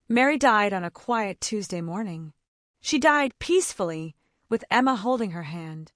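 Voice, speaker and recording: A woman narrating an emotional story in a measured, heartfelt way. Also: medium pitch, animated, fairly bright tone, no room sound, studio quality.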